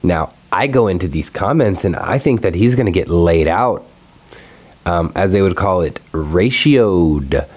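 A man's voice: low-pitched, a little slow. A young man hosting his own video, ranting casually and profanely about something that annoyed him online. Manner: profane, exasperated, animated ranting. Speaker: video host. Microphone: recorded alone at home.

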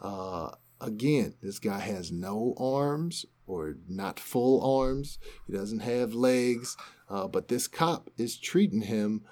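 A man's voice: on the low side, expressive, slow, a little mellow. A man co-hosting a podcast, casually retelling a news story and acting out the quotes. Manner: conversational storytelling, acts out quotes. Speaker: podcast co-host.

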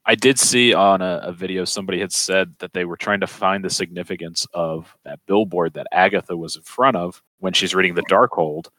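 A man co-hosting a podcast, talking in a relaxed, casual way with hesitations. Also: deep voice, fairly quick, few pauses, dry recording. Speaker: podcast co-host.

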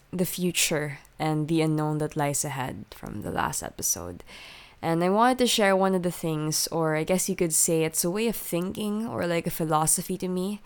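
A young woman in her twenties hosting a casual podcast, her voice nasal and blocked from allergies, talking in a soft, reflective way. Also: deep voice, smooth. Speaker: podcast host. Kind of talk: casual solo podcast talk.

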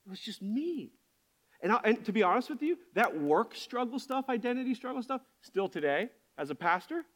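A pastor with a notably high voice for a man delivers a candid sermon. He speaks in a confessional, self-searching way and keeps restarting his sentences as he works through his thoughts.

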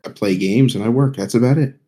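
A man's voice: mid-range voice, a little fast, warm tone. A man talking plainly as a guest on a casual streaming podcast.

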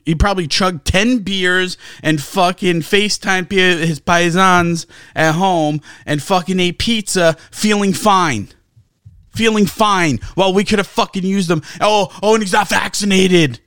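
High-pitched ranting profane man. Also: expressive, moderate pace, fairly bright tone, no echo, studio quality. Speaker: sports podcast co-host. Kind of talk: heated sports talk rant.

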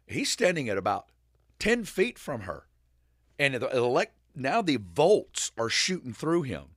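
A man in casual faith conversation, retelling a story as an animated storyteller who rambles and restarts. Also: mid-range voice, measured pace, breathy edge, dry recording, clean studio sound.

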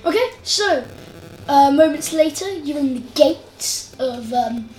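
A woman narrating as game master of a tabletop game, playful and quick to slip into character voices. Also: high-pitched, lively intonation, darkish tone, a little hiss or hum. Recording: roomy sound with faint music.

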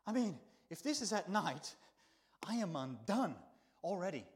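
A man preaching a sermon in a church, telling the story with lively swings between soft, hushed lines and loud exclaims. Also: sits high, measured pace. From not from the country where he preaches.

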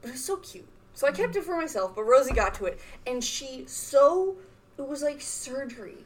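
A woman in her thirties chatting casually as a podcast co-host, an animated storyteller who laughs often and acts out voices. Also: sits high, normal speed. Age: 30s. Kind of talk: casual chat.

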